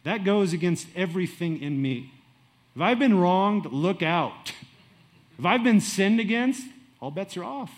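A middle-aged man preaching a sermon in a lively way, swinging between loud and quiet and acting out asides. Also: sits high, measured pace. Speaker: pastor.

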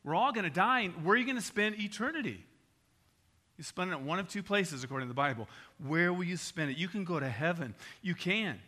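An older man preaching an evangelistic sermon in a conversational, animated way, mixing scripture with personal stories. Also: high-pitched, brisk.

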